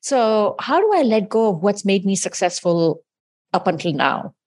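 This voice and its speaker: A woman's voice: mid-range voice, big pitch swings, normal speed, darkish tone. A woman hosting a podcast interview, reflective and enthusiastic, with frequent casual fillers. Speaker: podcast host.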